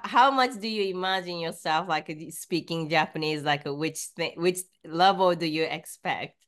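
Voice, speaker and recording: A woman's voice: on the low side, moderate pace. A woman interviewing a guest, asking brief, encouraging questions on dull, distant lo-fi audio. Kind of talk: casual interview.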